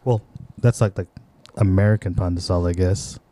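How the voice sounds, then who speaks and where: A man's voice: deep voice, fairly even intonation, moderate pace, dark tone, slight background noise. A man co-hosting a podcast, rambling casually with many fillers and restarts. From Philippines. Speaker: podcast co-host. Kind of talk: casual chat.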